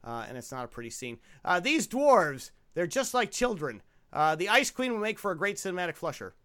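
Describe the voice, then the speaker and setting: A man's voice: high-pitched, sing-song, fairly quick, pushed and bright. A man hosting a casual comedy podcast, reviewing a movie with jokey, teasing asides and frequent laughter. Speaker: podcast host. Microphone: podcast microphone.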